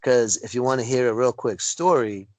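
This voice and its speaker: Animated storytelling man on a video call. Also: normal speed, no echo, poor audio. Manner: animated storyteller, acts out quotes with big pitch jumps. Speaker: wrestling referee guest. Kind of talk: casual storytelling interview.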